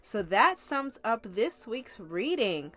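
A woman's voice: on the high side, sing-song, slow, a bit bright, soft background music. A woman casually recapping a week's Bible reading as a teacher, talking in a conversational, emphatic way and speaking straight to her listeners.

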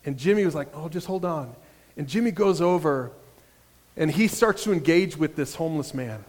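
A male pastor telling a story in a sermon, animated, with frequent restarts. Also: on the high side, a little fast. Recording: reverberant hall.

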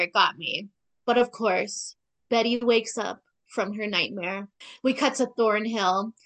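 A woman co-hosting a casual podcast, recapping a TV episode with sarcastic asides and quick acted-out lines of dialogue. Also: mid-range voice. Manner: animated, sarcastic, acts out character lines. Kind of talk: casual chat.

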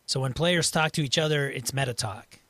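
Male podcast host, mid-range voice, relaxed casual chat, dry close recording. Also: medium pitch, a little fast, no echo.

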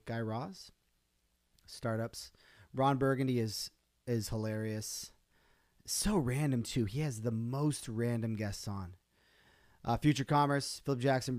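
A man talks through a solo live stream in a loose, rambling way, stopping and restarting his thoughts. His voice sits at an ordinary middle pitch. The sound is close and dry. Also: darkish tone, dry recording. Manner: rambling, chatty, self-interrupting with fillers. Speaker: podcast host.

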